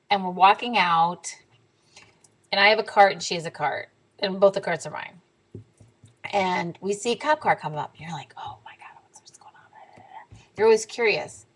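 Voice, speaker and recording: Young woman, casual vlog, animated storytelling, blunt swearing, occasional whispers. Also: medium pitch, low-quality recording. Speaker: diet vlogger.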